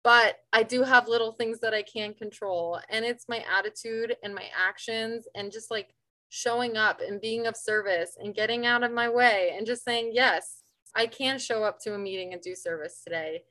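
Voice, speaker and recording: A woman's voice: on the high side, fairly even intonation, normal speed, sharp tone, dry recording, low-quality recording. A woman giving an earnest personal share at an online support meeting, full of fillers. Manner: earnest, many fillers, breaks into tears near the end. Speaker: meeting speaker sharing. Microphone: video call.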